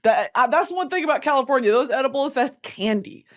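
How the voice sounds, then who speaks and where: A woman hosting a casual chat show, talking in an animated, profane way and laughing often. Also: high-pitched, brisk. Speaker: podcast host.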